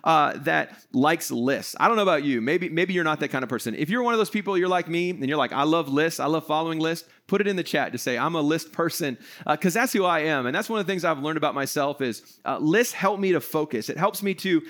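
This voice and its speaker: Chatty middle-aged pastor, slightly higher voice. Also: male voice, expressive, fast talker, few pauses, fairly bright tone. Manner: chatty, self-deprecating, acts out little scenes. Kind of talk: sermon to an online audience.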